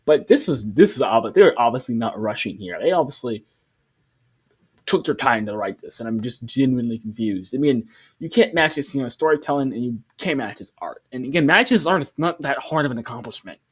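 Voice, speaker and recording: A man's voice: medium pitch, animated, brisk, husky. A man giving casual reaction commentary on a comic. He rambles, restarts his sentences often and keeps asking questions in disbelief. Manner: rambling, with many restarts and fillers; incredulous, questioning.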